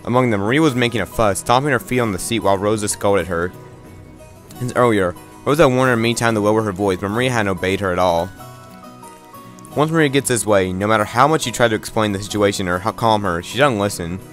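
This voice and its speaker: A man's voice: fairly low pitch, fast, faint music behind. A man reading a visual novel aloud, stumbling and restarting words, with wry asides.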